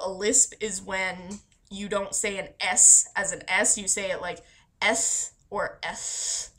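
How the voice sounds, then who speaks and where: A woman's voice: medium pitch, pushed and bright. A woman from Florida talking casually through a questionnaire, chatty and self-deprecating, laughing often and swearing now and then. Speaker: vlogger answering a voice meme questionnaire. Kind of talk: casual rambling monologue.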